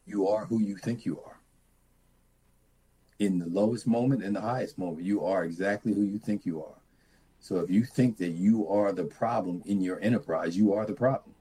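A middle-aged farmer tells his stories with earnest conviction, growing lively as he recounts them. His voice sits low with a husky, breathy edge. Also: normal speed, rough recording. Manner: earnest, animated when retelling. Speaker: farmer and mentor. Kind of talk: reflective storytelling.

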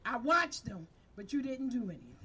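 Speaking into a handheld mic, a woman who leads community violence prevention fires up her team with a preaching, call-and-response speech. Her voice is a little high, sing-song and brisk, pushed and bright with a breathy edge.

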